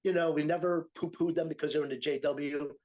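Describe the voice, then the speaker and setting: A man's voice: a little high, steady tone, fast talker, a little mellow, dull audio. Older man telling a rambling story. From Utica, New York, USA. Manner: rambling, hesitant, with many fillers and restarts. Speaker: interview guest, writer. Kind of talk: casual interview storytelling.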